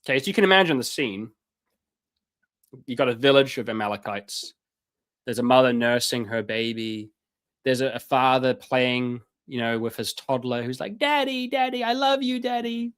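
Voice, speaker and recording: A man's voice: medium pitch, moderate pace, fairly bright tone, clear, resonant tone. A man giving a live-stream lecture in an impassioned, sarcastic way, with many fillers and restarts.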